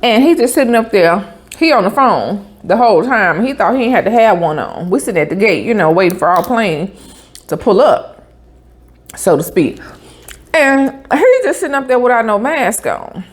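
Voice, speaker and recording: Lively, chatty woman. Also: fairly high pitch, moderate pace. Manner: chatty, animated storytelling with asides like "honey" and "baby". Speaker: vlogger. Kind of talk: casual storytelling while eating.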